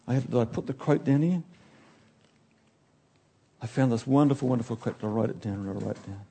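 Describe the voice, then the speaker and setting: A man preaching a sermon in an animated way, acting out the figures he talks about and now and then losing his place. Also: mid-range voice, brisk, husky. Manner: animated, acts out biblical figures, loses his place and laughs.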